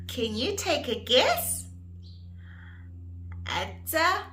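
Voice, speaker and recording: A woman teaching toddlers in a slow, exaggerated, sing-song way, gasping and making animal sounds. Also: high-pitched, very animated, fairly bright tone. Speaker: children's educator. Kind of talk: toddler learning video.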